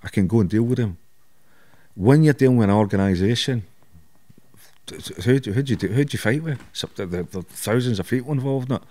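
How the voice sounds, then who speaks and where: A man's voice: mid-range voice, quick pace, mellow. A middle-aged Scottish man, a podcast guest, telling blunt stories in a candid interview, swearing and laughing at himself.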